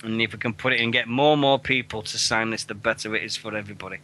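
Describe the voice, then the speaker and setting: Excitable Sheffield man with a bright voice. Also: on the low side, fast talker. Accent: Sheffield English. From Sheffield, England. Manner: excitable, swears freely, laughs often. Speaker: radio show host. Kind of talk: casual podcast chat. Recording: internet radio show.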